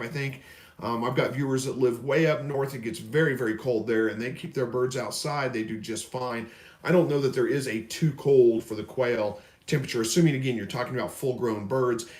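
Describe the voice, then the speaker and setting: A man from Missouri hosting a casual live stream, reading viewer questions aloud and answering in a rambling, folksy way. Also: medium pitch. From Missouri, USA. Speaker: livestream host. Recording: roomy echo.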